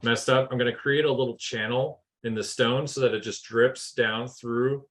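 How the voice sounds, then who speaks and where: A man's voice: medium pitch, fairly even intonation, normal speed, a bit bright, poor audio. A man playing a tabletop game, explaining his moves in a rambling way with many fillers. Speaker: player. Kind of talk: casual tabletop play.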